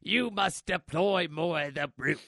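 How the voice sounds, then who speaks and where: A man's voice: fairly high pitch, a little slow, vocal fry, bright, forceful tone, no room sound, clean studio sound, exaggerated voice. A man voicing a stern general giving orders. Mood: commanding.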